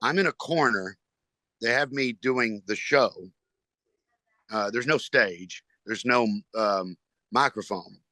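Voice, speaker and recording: A man who is a stand-up comedian, telling a long story in a podcast interview, rambling and halting with restarts. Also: mid-range voice, sharp tone, no room sound.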